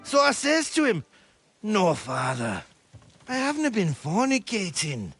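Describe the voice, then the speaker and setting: An actor playing a crude, mocking Scottish troublemaker in a game, taunting and picking a fistfight. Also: male voice, high-pitched, wildly swooping pitch, unhurried, a bit bright, breathy edge, exaggerated voice. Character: rowdy bawdy Scottish brawler, mocking and crude. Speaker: brawling troublemaker. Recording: game audio with music behind. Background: game music.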